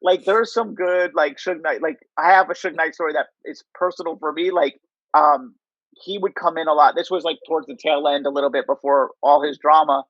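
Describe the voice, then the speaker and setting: A man's voice: a little high, fairly even intonation, fairly quick, fairly bright tone, no echo, lo-fi sound. A man being interviewed, telling casual stories and filling them with "like" and "you know". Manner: rambling, heavy use of "like" and "you know". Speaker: interview guest. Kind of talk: casual storytelling.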